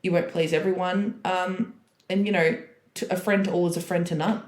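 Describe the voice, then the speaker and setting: A woman's voice: on the low side, steady tone, moderate pace, a little mellow. Chatty young woman, roomy sound. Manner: chatty, candid, laughs through stories. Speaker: podcast guest. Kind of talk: casual chat. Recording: roomy echoey recording.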